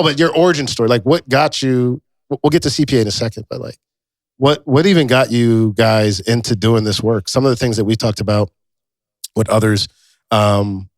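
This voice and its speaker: A man hosting a podcast, talking in a relaxed, enthusiastic, rambling way. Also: lowish voice, no room sound. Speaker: podcast host. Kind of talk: casual chat.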